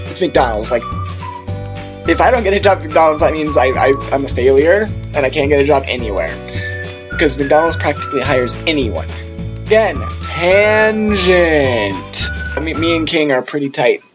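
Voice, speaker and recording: Young male vlogger, rambly storyteller, slightly high voice, music bed audible. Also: a little fast, rough recording. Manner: rambling, tangent-prone, animated quoting voices. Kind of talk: casual storytime chat.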